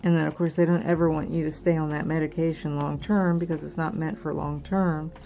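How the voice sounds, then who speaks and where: A woman's voice: deep voice, level tone, brisk, gravelly, dark tone, dull audio, a little hiss or hum. A middle-aged woman hosting a crafting channel, chatting casually and candidly with lots of fillers. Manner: candid, rambling, many fillers. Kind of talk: casual personal chat.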